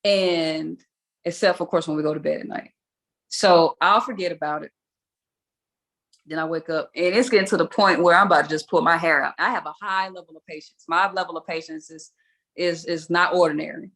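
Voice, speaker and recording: A woman's voice: lowish voice, steady tone, a little fast, a bit bright. A young adult woman hosting a weekly video call, telling a story casually, with a chatty, self-mocking manner and frequent laughs.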